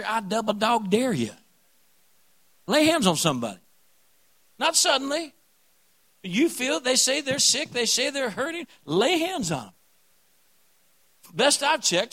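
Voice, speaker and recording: A man preaching at a revival as a pastor, fervent and folksy, swinging from hushed lines to loud calls. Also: high-pitched, rough recording. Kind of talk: revival sermon.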